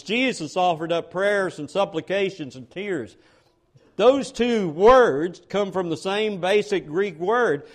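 Male preacher, high-pitched, earnest and emphatic, repeats phrases for weight. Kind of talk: sermon.

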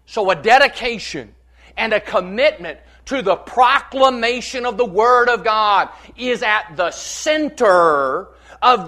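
A male pastor preaching a sermon, reading scripture with verse references and building to loud, repeated declarations. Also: sits high, lively intonation, slow pace.

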